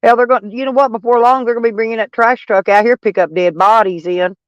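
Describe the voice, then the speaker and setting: A woman's voice: a little high, steady tone, fast talker, no echo, highs cut off. A middle-aged woman chatting casually on a live stream, mocking and sarcastic toward trolls in her chat. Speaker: van life streamer.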